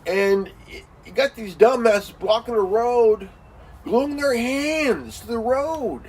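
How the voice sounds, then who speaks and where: A man's voice: very high voice, takes it slowly, a little mellow, husky, far from the mic, rough recording. A man ranting casually with heavy swearing, repeating himself and leaning on fillers like "you know" and "man". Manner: crude, swearing, insulting. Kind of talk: profane casual rant.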